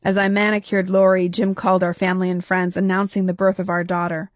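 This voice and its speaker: A woman author reading her own novel in first person, lively, her voice leaping up on questions and exclamations. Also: quick pace, dry recording. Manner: expressive, pitch jumps on questions and exclamations. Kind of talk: first-person audiobook narration.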